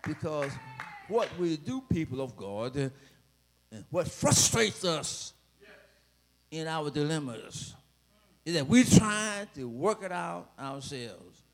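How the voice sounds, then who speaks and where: A man preaching a sermon with dramatic swells, bursts of shouting and playful asides. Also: fairly high pitch, very animated, slow, pauses often.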